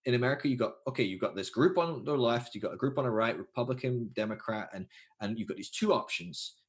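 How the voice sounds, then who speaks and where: A man's voice: mid-range voice, fast, husky. A man in his thirties, a podcast guest talking casually, thinking aloud with fillers and restarts and acting out quoted voices. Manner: animated, acts out quoted voices. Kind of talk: casual conversation.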